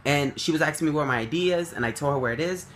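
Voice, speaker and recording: A young man telling a story to the camera, animated and swearing freely, acting out quotes. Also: fast talker, slight background noise. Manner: animated, swears freely, acts out quotes with big jumps up in pitch. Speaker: vlogger.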